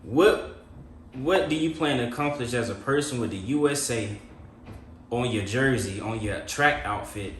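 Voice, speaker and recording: A man's voice: mid-range voice, a little slow. A man co-hosting a podcast in casual chat, blunt and questioning, laughing along with his co-host. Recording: echoey room with faint background noise.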